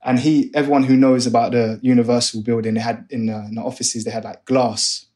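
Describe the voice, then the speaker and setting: Young man, podcast guest, animated storyteller who mimics the people he quotes. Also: medium pitch, brisk. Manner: animated, acts out other voices in his stories. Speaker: guest, music A&R manager. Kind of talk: casual storytelling interview.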